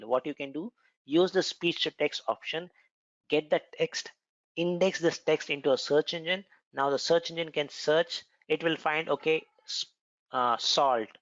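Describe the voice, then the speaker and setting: A man's voice: mid-range voice, no echo. A man with an Indian accent explaining a cloud computing course in a conversational tutorial style, with frequent fillers and repeated words. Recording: dull, lo-fi, dry sound.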